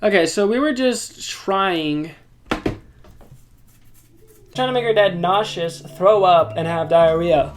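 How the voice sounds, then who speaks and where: A young man hosting a podcast, casually telling funny stories with jokey, animated delivery and sudden loud asides. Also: sits high, slow, pauses often, slight background noise. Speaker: podcast host. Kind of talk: casual storytelling. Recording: background music under the voice.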